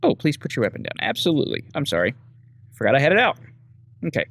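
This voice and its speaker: A man narrating his own gameplay in a loose, casual way, muttering through menus and reading item names aloud. His voice has a gravelly edge and swings widely in pitch, at an ordinary male register. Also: wildly swooping pitch, quick pace, fairly bright tone. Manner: casual, reads menu text aloud, muttering asides. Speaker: gameplay host. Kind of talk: casual let's-play commentary.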